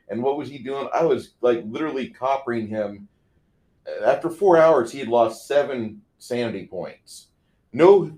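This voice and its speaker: A man co-hosting a casual podcast, telling a game-master story with lots of swearing. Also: mid-range voice. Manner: profane, animated storyteller.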